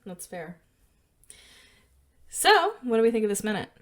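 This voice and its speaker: A woman's voice: on the high side, very animated, measured pace, a bit bright. A woman co-hosting a podcast, casually walking through a film scene, with fillers and small laughs. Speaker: podcast co-host.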